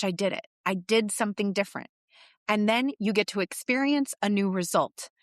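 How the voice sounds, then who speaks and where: A woman's voice: medium pitch, no room sound. Dry-voiced woman coach telling a story. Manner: animated storyteller acting out clients' inner voices. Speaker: business coach. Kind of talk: solo podcast monologue.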